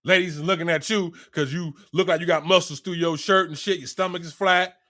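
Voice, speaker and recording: A man delivering an animated, profane motivational rant in streetwise slang. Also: fairly high pitch, brisk. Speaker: vlogger.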